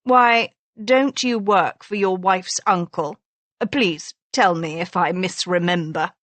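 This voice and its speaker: A woman's voice: on the low side, takes it slowly, fairly bright tone, dry recording. A woman voicing a snide young male dandy lord in an audiobook, sneering and mock-polite.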